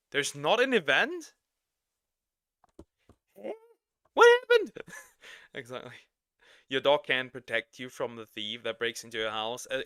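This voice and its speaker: Animated rambling man with an accent. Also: mid-range voice, smooth, dry recording, studio quality. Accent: non-native English accent. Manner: rambling, animated, laughs often, restarts sentences. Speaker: streamer reacting to videos and chatting. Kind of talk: casual livestream chat.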